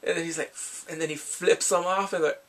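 A man recapping a drama in casual chat, excitable, often laughing and sighing as he acts out the characters' lines. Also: a little high, brisk. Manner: excitable, quotes characters in lively voices, laughs and sighs often. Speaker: drama reviewer.

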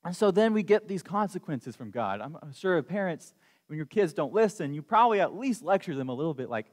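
A man's voice: on the high side, very animated, fairly quick. A young man, a student preacher, giving a sermon in a conversational, earnest way and reading scripture aloud. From United States. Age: young adult. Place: church sanctuary. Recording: long hall reverb.

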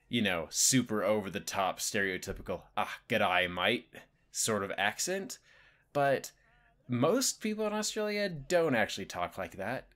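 A young man hosting a video, giving casual spoken commentary that rambles with lots of "like" and "you know" and swoops up and down in pitch. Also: a bit bright. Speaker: video host.

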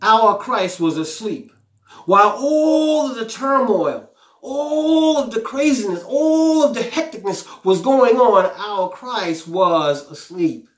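A man with a high-pitched, expressive voice preaches slowly in a reverberant space. His sermon is full of fervent exclamations and repeated lines, and he acts out the scripture, paraphrasing it aloud in a pleading voice.

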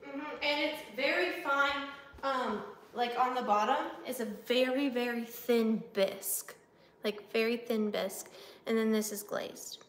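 Woman, high voice, chatty live sale host, echoey room, faint hiss. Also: unhurried. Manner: chatty, apologetic, slips in and out of a British lilt. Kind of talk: casual live-stream chat. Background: dog barking.

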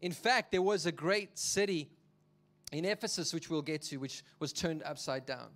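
A man preaching a sermon as a pastor, telling the story in an animated, jokey way. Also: fairly high pitch, normal speed.

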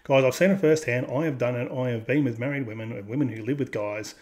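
This male host's mid-range voice is fast and a little mellow as he reacts to posts. His casual commentary is crude and blunt, and he laughs at his own jokes.

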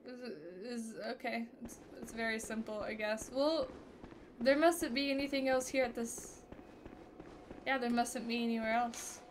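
High-pitched swearing woman gamer. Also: a little slow, slight background noise. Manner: profane, excitable, laughs and yells at the game. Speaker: gaming streamer. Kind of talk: casual let's-play commentary.

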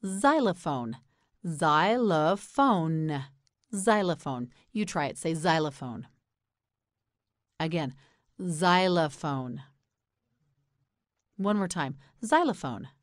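A woman with an American accent leads a beginner pronunciation lesson at a very slow, deliberate pace. Her voice sits a little low, and the recording is close and dry. She says each word with care and then asks the listener to say it back. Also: animated, dry recording. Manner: repeats words slowly and asks the listener to say them back. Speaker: English pronunciation teacher. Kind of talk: slow, clear scripted lesson narration.

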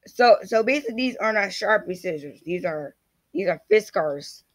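A YouTuber casually vlogs an unboxing, rambling and restarting his sentences as he talks to himself, his voice occasionally cracking. It's a high-pitched, expressive male voice at a moderate pace.

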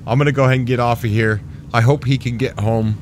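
A man hosting his gaming channel, commenting on his gameplay in an excitable way, laughing often and apologizing. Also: medium pitch, quick pace, a little hiss or hum.

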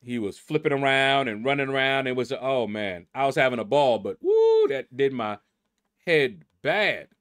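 A man's voice: mid-range voice, normal speed, fairly bright tone, clean tone. A middle-aged man hosting a gaming channel, casually reading out leaderboard names and musing aloud as he stumbles over them.

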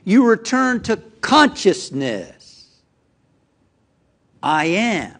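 A man delivers a sermon to a live congregation in a fairly high voice that swings up and down a lot. He speaks slowly and keeps turning to the crowd with direct questions. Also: sing-song, fairly bright tone. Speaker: minister. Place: church hall with a live congregation.

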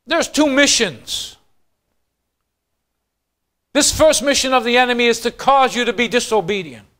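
A man preaching a sermon as pastor, swinging from quiet, low lines to fast, loud bursts.

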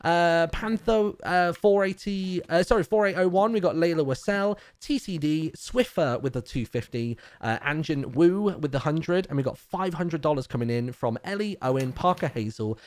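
A British man reading out donor names and messages on a charity game stream, brisk with filler ums. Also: on the high side, no room sound. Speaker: livestream donation reader.

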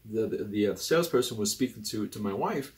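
A young adult man hosting a casual talk about personality types, animated and rambling, often restarting his sentences. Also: fairly quick. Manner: animated and rambling, with many restarts and sudden jumps in pitch. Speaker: host.

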